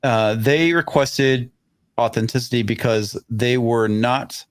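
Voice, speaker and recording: A man's voice: mid-range voice, slow, smooth. Guy hosting a stream, rambles and stutters, no room echo at all. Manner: rambling, stammering, swears casually. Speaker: livestream host. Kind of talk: casual live stream news chat.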